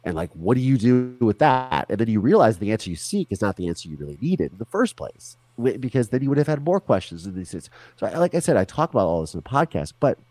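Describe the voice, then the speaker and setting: A man's voice: mid-range voice, very animated, fast talker, few pauses, a little mellow, no echo. A man as an interview guest, talking candidly and animatedly in a casual conversation over a remote call, with frequent restarts and swearing.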